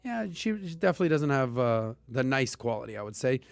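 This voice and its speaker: A man hosting a casual personal finance podcast, talking with punchy emphasis and lively asides. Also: mid-range voice, quick pace, creaky, clean tone, dry recording. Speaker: podcast host.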